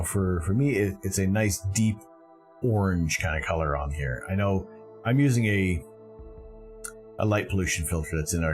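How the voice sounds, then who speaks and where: A Canadian man with a low voice hosts a live stream, talking casually and enthusiastically as he rambles along, often correcting himself partway through a sentence.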